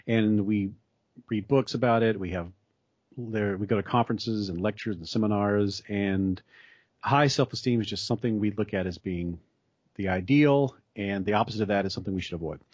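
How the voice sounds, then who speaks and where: A man's voice: fairly low pitch, moderate pace, darkish tone, dry recording. A man in a conversation, explaining ideas at length in a thoughtful way with frequent restarts. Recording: dry, slightly dull sound.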